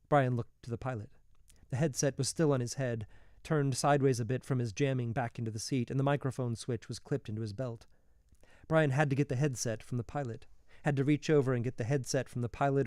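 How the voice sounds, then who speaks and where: A man reading a novel aloud in a steady, measured storytelling voice. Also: mid-range voice, no room sound, studio quality. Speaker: reader.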